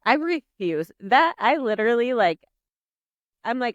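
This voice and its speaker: A woman in her twenties, a podcast guest telling a story in casual chat, animated, swearing freely and saying "like" a lot. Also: on the high side, a little slow, pauses often, dry recording, highs cut off. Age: 20s.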